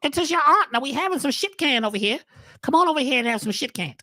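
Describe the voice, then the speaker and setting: A cheerful aunt who calls out in a high, raised voice, as a woman acts her out. Her pitch sits well above the woman's own, and the room sound is dry. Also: expressive, fast talker, pushed and bright, dry recording, faint music behind. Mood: calling. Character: loud, cheerful aunt inviting someone to eat.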